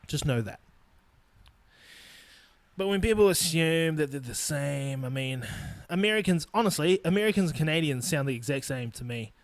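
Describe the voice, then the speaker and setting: A man's voice: on the high side, no echo. Profane New Zealand man ranting. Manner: blunt and profane, laughing between points. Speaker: podcast host. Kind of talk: casual solo podcast rant.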